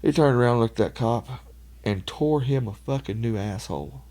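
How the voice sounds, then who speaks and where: A man's voice: medium pitch, normal speed, mellow. A middle-aged man, telling stories as a podcast guest, swearing freely and laughing often. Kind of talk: casual storytelling.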